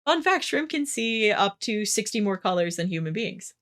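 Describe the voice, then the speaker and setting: A woman's voice: mid-range voice, very animated, normal speed, a bit bright, clean tone. A woman narrating as game master in a tabletop game, rambling with jokey asides.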